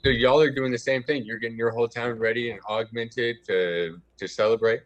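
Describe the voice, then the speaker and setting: A man's voice: medium pitch, steady tone, a little fast, muffled recording. A man from the United States, a guest on a casual livestream chat, easygoing and laughing often. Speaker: guest, project founder.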